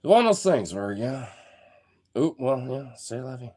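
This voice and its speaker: A man's voice: medium pitch, sing-song, moderate pace, dark tone. A young man chatting casually on a live stream, rambling with lots of fillers, frequent swearing and laughter.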